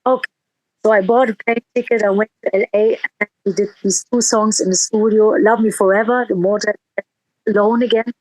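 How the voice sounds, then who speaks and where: A woman's voice: on the high side, fairly even intonation, fairly quick, darkish tone, dry recording, rough recording. A woman musician in a casual interview, telling a heartfelt story with quoted dialogue and frequent restarts.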